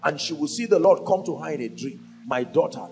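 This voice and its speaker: Gravelly Nigerian preacher at the pulpit. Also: male voice, fairly high pitch, fast, a little mellow, soft background music. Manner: emphatic, fires rhetorical questions at the congregation. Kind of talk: sermon. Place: at a pulpit before a congregation.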